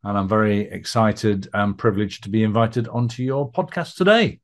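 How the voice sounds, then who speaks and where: A man's voice: lowish voice, normal speed. A middle-aged man with a Middle English accent and a northern twang, a podcast guest telling his life story in a chatty, rambling way, often laughing, with many fillers. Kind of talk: personal storytelling interview.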